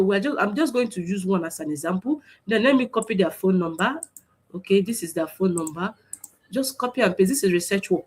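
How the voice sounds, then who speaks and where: A woman teaching an online class over a screen share, explaining step by step with many fillers and restarts. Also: mid-range voice. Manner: repetitive, stop-start explaining with many fillers. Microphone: computer mic on a video stream.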